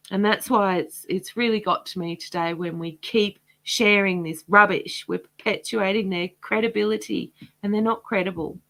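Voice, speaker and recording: Hoarse woman in an impassioned rant. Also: medium pitch, fairly bright tone. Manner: impassioned, rambling. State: hoarse, losing her voice. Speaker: host of a livestream. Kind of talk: casual livestream commentary.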